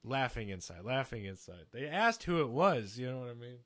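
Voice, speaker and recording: A young man casually telling a long story on a podcast, animated and swearing, acting out quotes in other voices. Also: mid-range voice, brisk, dry recording.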